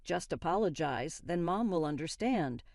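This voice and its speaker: A woman doing an angry young husband in a spoken story, blunt and accusing. The voice sits low and mellow, recorded close and dry with no room sound. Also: lively intonation, normal speed, no room sound.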